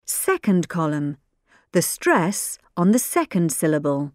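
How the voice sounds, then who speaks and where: A woman clearly announcing tracks and exercises for a textbook audio course. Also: fairly low pitch, big pitch swings, measured pace, no echo, clean studio sound. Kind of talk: reading track and exercise cues.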